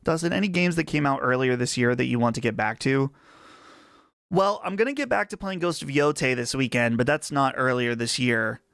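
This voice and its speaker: A man's voice: medium pitch, expressive, a little fast, vocal fry, fairly bright tone, no room sound. A man with a Western Pennsylvania accent hosting a casual live chat stream, chatty and rambling on a close mic. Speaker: livestream host.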